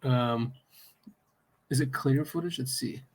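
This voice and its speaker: A man hosting a podcast in casual chat, excitable and laughing often. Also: medium pitch, slow. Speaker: podcast host.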